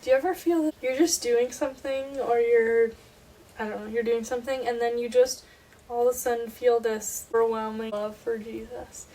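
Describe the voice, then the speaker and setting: A woman's voice: on the high side, fairly even intonation, normal speed, warm tone. A young woman co-hosting a casual faith podcast, chatting earnestly and reading scripture aloud. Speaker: podcast co-host. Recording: voice a bit distant from mic, faint background noise.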